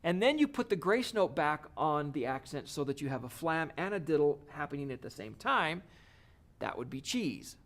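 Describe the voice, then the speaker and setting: A male drum teacher explains a video lesson step by step. His tone stays encouraging throughout. His voice sits a bit on the high side for a man. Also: very animated, moderate pace, slight background noise.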